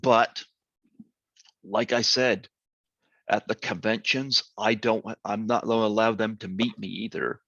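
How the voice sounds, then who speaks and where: A man hosts a casual podcast interview in a laid-back, joking manner. His voice is low and gravelly with plenty of fry. The recording sounds dull and lo-fi but dry, with no room echo. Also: steady tone, unhurried, a bit bright. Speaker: podcast host.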